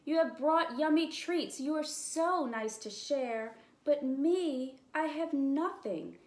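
A gentle, worried male bear from a children's storybook, read aloud by a woman. He sighs and apologizes, lingering slowly over his words with plenty of rise and fall. The sound carries a roomy echo. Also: high voice, expressive, pitched above the performer's own voice. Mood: sad. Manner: sighing, apologetic.

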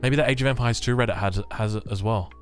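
A young Australian man hosting a casual, excitable live reaction to game news, rambling and joking. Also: lowish voice, fast, soft background music. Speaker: gaming YouTuber.

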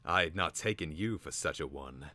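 A man voicing a shrewd, complaining male creature who sells charms, wheedling and gruff. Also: very deep voice, animated, normal speed, pushed and bright, dry recording, exaggerated voice. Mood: solemn. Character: grumbling male creature peddler, wary, shrewd. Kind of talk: dramatic reading.

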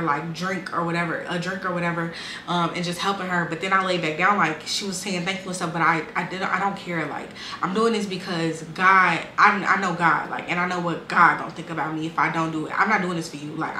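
A woman's voice: on the low side, pushed and bright. A young woman, telling her life story casually and bluntly, swearing freely and acting out what people said. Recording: echoey room with faint ambient noise.

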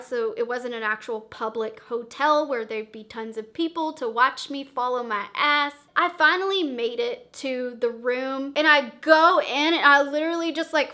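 A young woman tells a storytime vlog in a dramatic, profane way. Her voice sits high and sounds bright and sharp. She jumps between loud outbursts and quiet, confiding asides. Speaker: vlogger.

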